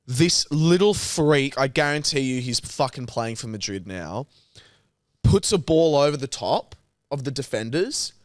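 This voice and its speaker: A young man, co-hosting a podcast, telling a story in casual chat, animated and sweary, acting out other people's lines. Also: medium pitch, no echo. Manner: animated, sweary, acts out quotes. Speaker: podcast co-host.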